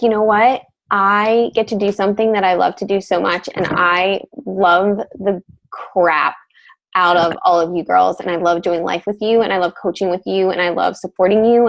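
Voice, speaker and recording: A woman's voice: on the low side, gravelly, low-quality recording. Gushing upbeat woman coach. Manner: gushing, upbeat, filler-heavy. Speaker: fitness team coach. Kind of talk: casual group video call.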